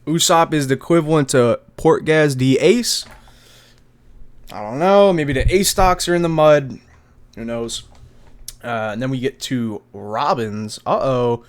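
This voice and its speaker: A man's voice: mid-range voice, animated, unhurried. Chatty young man reviewing manga. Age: 20s. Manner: loose and chatty, slangy, swears casually, mimics characters in passing. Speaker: anime review vlogger. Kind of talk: casual manga chapter review.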